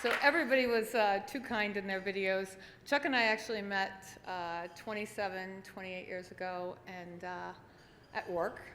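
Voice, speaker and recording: A woman giving a chatty, halting speech at an awards dinner, with plenty of fillers and small laughs. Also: medium pitch, crowd noise. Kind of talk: nervous, chatty acceptance speech. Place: banquet hall at an awards dinner. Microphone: podium microphone. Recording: echoey banquet hall with faint noise.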